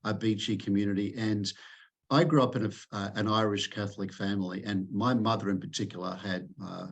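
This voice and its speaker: A man's voice: fairly low pitch, fairly even intonation, a little fast, gravelly. A man with an Australian accent, a podcast guest who talks conversationally and often repeats words as he starts a sentence. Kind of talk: relaxed interview conversation.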